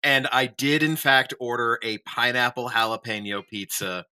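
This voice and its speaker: Guy on a podcast, sharp bright voice, dry little jokes. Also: medium pitch, normal speed, clean tone. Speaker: podcast panelist. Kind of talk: casual chat.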